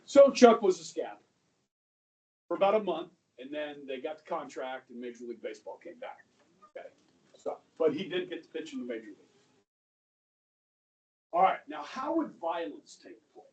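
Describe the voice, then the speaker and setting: A middle-aged male high school history teacher telling a story to his class, checking in with "okay?" and acting out the people in it. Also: big pitch swings, normal speed, pauses often, darkish tone. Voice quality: conversational, acts out quoted voices, asks "okay?" often. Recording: distant mic in a classroom, faint room noise.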